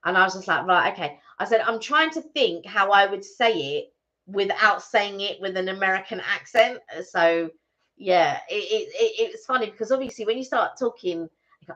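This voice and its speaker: A woman's voice: mid-range voice, brisk, fairly bright tone. A woman co-hosting a casual live stream, telling rambling stories with lots of restarts. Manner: chatty, rambling storyteller with many restarts. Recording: slightly muffled lo-fi stream audio.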